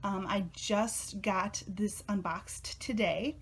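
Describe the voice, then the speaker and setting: A woman's voice: mid-range voice, takes it slowly, slightly rough. Bubbly, breathless young woman. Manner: bubbly and excitable, laughing often. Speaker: tarot vlogger. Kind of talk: casual chat.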